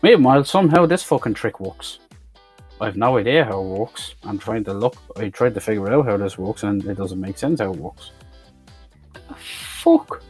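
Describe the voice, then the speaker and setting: A man's voice: on the low side, lively intonation, fairly quick, a little mellow, slightly rough, soft background music. A man recapping a film in a rambling, sweary, sarcastic way. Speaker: film reviewer. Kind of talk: profane comedic movie recap.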